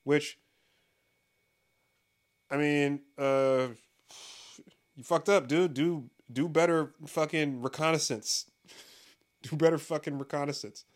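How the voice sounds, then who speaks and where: A man's voice: on the high side, fairly even intonation, slow pace, pauses often. A man hosting a casual comedic monologue, swearing constantly, rambling and breaking into laughter. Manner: profane, rambling, laughs often.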